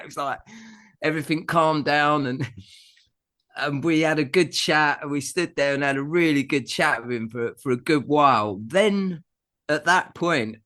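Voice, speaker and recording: A middle-aged man tells a long story in a relaxed chat. His voice rises and falls a lot as he acts out what people said. He laughs often as he talks. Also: a little high, moderate pace. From England. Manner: animated anecdote telling with laughs and acted-out quotes. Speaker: guest musician. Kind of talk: casual storytelling.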